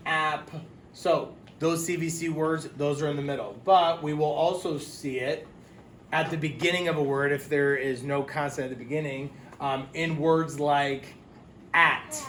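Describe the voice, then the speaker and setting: A man's voice: on the high side, fairly bright tone, a little hiss or hum. Man teaching phonics in an echoey room. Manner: sounds out letters slowly and clearly, encouraging. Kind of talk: phonics lesson for young children. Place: classroom.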